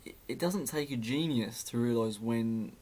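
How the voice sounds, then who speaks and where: A man's voice: mid-range voice, moderate pace, a little mellow. A young man telling a story in a casual, sarcastic way, often laughing at it.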